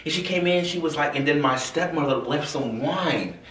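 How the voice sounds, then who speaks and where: A man from the American South telling his own story in a casual, animated way, full of fillers and acted-out quotes. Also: fairly high pitch, normal speed. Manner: animated, acts out quoted voices, many fillers. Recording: roomy, from a distance.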